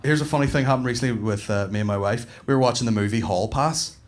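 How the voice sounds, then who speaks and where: A thirties man with a Northern Irish accent does stand-up on a comedy club stage, spinning animated stories packed with swearing. His voice is medium-pitched and quick, with a little hiss or hum in the recording.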